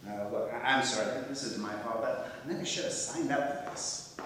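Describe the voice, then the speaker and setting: A man plays a self-doubting writer who sighs and mocks himself in a dry, wry tone. His voice sits at a middle pitch and comes from far across a stage, with a long echo from the hall. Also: fairly quick, fairly bright tone, a little hiss or hum, natural voice. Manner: wry, sighing, self-deprecating. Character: self-doubting male writer, husband, ex-Army. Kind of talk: amateur stage comedy acting. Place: theatre stage.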